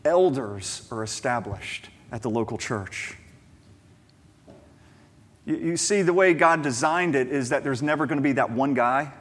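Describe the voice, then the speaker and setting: A pastor with a mid-range voice preaches unhurriedly, emphatic yet conversational, often repeating words and posing rhetorical questions. He drifts into storytelling asides as he talks.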